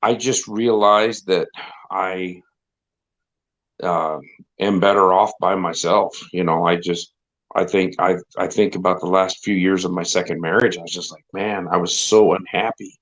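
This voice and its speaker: The slightly dull lo-fi audio carries a middle-aged stream co-host chatting casually in a deep, a bit bright voice. He speaks at a measured pace with fairly even intonation, rambling wryly and repeating himself a lot.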